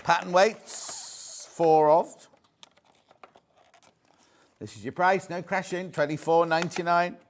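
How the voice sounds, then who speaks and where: A man's voice: sits high, fairly even intonation, slow, pauses often. A British man presenting on a live shopping channel, chatty and jokey, repeating prices as he shows products. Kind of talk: live TV sales pitch. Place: TV studio.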